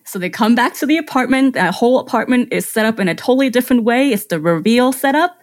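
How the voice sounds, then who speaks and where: A woman's voice: a little high, lively intonation, quick pace. A woman photographer, a podcast guest, describing her client process step by step with enthusiasm. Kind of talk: conversational interview.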